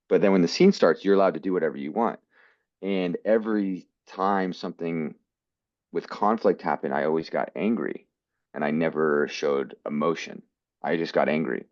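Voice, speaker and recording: Man, very low voice, american, earnest storyteller, muffled lo-fi sound. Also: fairly quick, a little mellow, no echo. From United States. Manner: earnest, quotes people in his stories. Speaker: guest actor. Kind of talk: storytelling interview.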